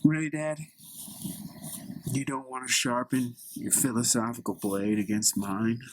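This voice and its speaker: A man's voice: medium pitch, level tone, a little slow, noisy background, natural voice. A man voicing a cheeky, argumentative grown son who talks back sarcastically, in a solo improvised comedy scene. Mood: sarcastic.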